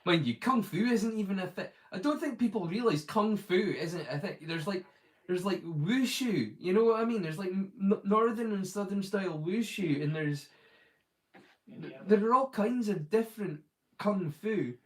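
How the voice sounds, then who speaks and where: A man's voice: sits high, expressive, normal speed, rough recording. A man hosting a live stream, chatting casually and rambling, with lots of "like" fillers and restarts. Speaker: streamer, host.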